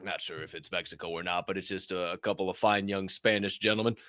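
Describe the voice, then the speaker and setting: A man's voice: deep voice, fairly even intonation, fast, fairly bright tone, dry recording, clean studio sound. A man co-hosting a podcast, reacting to clips in a playful way and laughing often. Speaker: podcast co-host. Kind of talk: casual reaction chat.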